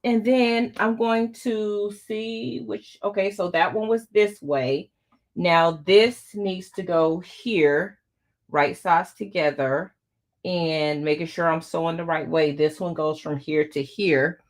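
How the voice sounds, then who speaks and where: A middle-aged woman hosts a casual live quilting tutorial on her channel, chatting with viewers while she sews. Her voice is lowish and slow, with fairly even intonation.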